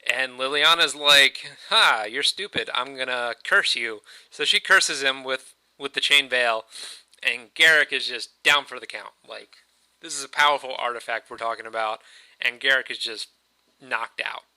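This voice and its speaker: Chatty man with a very bright voice. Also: medium pitch, moderate pace, clear, resonant tone, no room sound, poor audio. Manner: chatty, loose, many fillers. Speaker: host. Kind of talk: casual story retelling.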